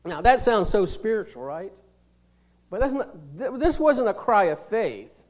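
A man preaching a sermon, reading scripture slowly and explaining it plainly, swinging between loud emphasis and hushed, near-whispered lines. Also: high voice, very animated. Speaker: pastor.

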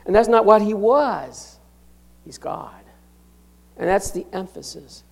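Man, middle-aged pastor, high-pitched voice, emphatic sermon delivery, loud-to-soft swings. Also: expressive, slow pace, creaky. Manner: emphatic preaching with sharp swings from loud to hushed.

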